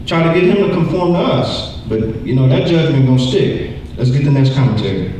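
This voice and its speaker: A man in his forties teaching a Bible lesson in an animated way, acting out quoted voices and repeating words. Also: mid-range voice, fairly quick, a little hiss or hum. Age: 40s. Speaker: church teacher. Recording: echoey room from far off.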